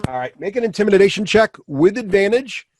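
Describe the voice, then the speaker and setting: A man runs a tabletop session as game master, his voice sitting a little high for a man. He patiently talks players through positions and rules and calls on each by name. The sound is dry and close, with no room around it. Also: big pitch swings, brisk, darkish tone, no room sound. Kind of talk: running a tabletop game live.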